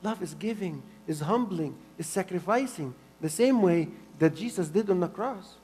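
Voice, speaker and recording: A man preaching a sermon in an earnest way, repeating phrases for emphasis and swinging between soft and loud. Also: sits high, expressive, normal speed, in a large hall, slight background noise. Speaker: pastor.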